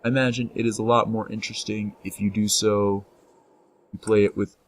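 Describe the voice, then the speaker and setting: Playful low-voiced man narrating gameplay. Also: flat delivery, fairly quick. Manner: playful, talks to enemies, reads game text aloud. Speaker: gameplay commentator. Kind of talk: casual let's-play commentary. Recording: faint game music behind.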